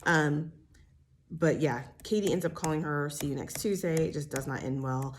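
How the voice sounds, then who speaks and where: Woman with a low voice gossiping about a reality show, blunt, swears, lots of likes and ums. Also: moderate pace, a little hiss or hum. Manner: chatty, blunt, swears freely; animated retelling with many fillers. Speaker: TV recap host. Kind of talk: casual gossip recap.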